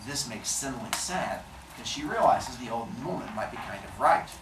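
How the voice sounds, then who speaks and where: Animated teacher telling a myth. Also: male voice, mid-range voice, normal speed, background noise. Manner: animated, playful, wry. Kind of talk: classroom storytelling. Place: classroom. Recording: echoey classroom, mic far off.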